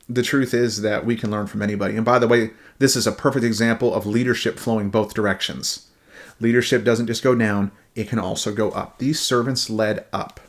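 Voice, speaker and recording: A man giving a devotional Bible talk in an animated way, often repeating words as he starts a thought. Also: lowish voice. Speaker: Bible teacher.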